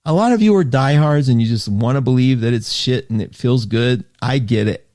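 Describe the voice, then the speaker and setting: A male radio host talking to listeners in a chatty, animated way, often breaking off mid-sentence and reading listener comments aloud. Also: mid-range voice, brisk. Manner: chatty, animated, self-interrupting. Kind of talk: live radio show monologue.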